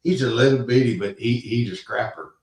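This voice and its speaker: Middle-aged male co-host, rambling storyteller, low voice, distant and roomy. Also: a little fast, darkish tone. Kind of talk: casual storytelling chat.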